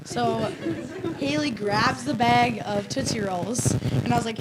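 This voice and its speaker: A young woman from a volleyball team tells funny practice stories with animated, laughing delivery. Her voice sits a little high. Loud crowd chatter fills the background. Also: moderate pace, very noisy. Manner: animated, laughing through anecdotes. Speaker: volleyball player. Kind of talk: casual storytelling on a panel.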